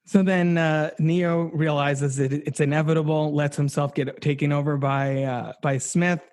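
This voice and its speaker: A man's voice: a little high, little pitch movement, normal speed, a little mellow, dry recording. A man chatting animatedly about films on a podcast, swearing casually and restarting his sentences.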